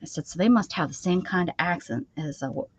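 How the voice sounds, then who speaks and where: A woman's voice: fairly low pitch, expressive, quick pace, slightly rough, no room sound. Chatty laughing woman craft host. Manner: chatty, laughs often, rambling restarts. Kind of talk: casual chat while crafting.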